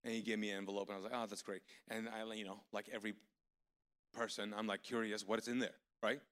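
A man preaching a live sermon as pastor, telling stories in an animated way with sudden loud outbursts of excitement. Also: fairly low pitch, quick pace. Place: large church auditorium. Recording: long hall reverb from live church service.

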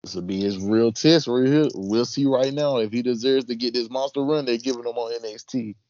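A man's voice: medium pitch, fairly quick, darkish tone, dull audio. A man co-hosting a casual wrestling chat in a laid-back, agreeable way. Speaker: podcast co-host.

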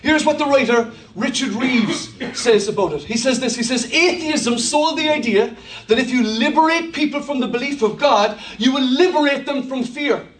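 A man with an Irish accent preaching a sermon to a church, telling jokey stories in an animated way, often laughing as he talks. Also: very high-pitched, moderate pace, distant mic. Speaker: pastor. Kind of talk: sermon with humorous storytelling. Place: large church hall. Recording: echoey church hall, from off-mic.

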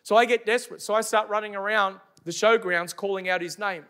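A man's voice: high voice, fairly even intonation, brisk, bright, forceful tone. A middle-aged man preaching a sermon to a congregation, emphatic and repetitive, with rhetorical questions. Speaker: pastor. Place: church service before a congregation.

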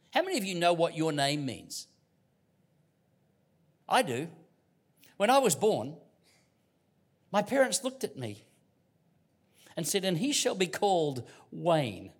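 A middle-aged Australian man from Queensland preaching a sermon as a guest pastor, telling stories with humor and dropping to hushed tones. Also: sits high, husky. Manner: storytelling with humor, dynamic swings from loud to hushed. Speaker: visiting pastor.

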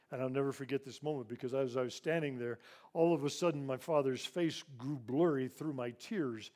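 Older guy from ivory coast telling his life story at church, earnest, voice goes quiet and emotional on the sad bits, middle pitch. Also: a little fast. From grew up in Ivory Coast. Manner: earnest, hushed and emotional when recounting loss. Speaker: charity president speaking to a church audience. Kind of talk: personal storytelling talk.

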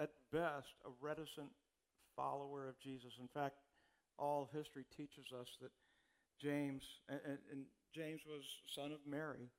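A man preaching a sermon as a pastor in a casual, conversational way, often repeating words as he starts sentences. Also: mid-range voice.

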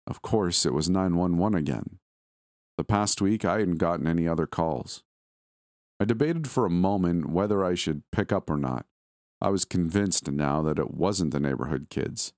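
A man reading a scripted first-person horror story in a steady, measured way. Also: low voice, dry recording, clean studio sound.

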